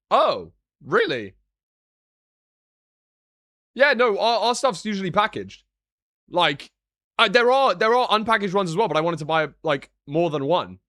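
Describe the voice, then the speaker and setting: A young British man rambling on a live stream, swinging between deadpan sarcasm and excited outbursts. His voice sits high and sounds bright and forward, caught dry and close on the mic. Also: no room sound. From Britain. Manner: joking, sarcastic, quick swings in energy. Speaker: streamer and analyst. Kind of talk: casual live-stream chat.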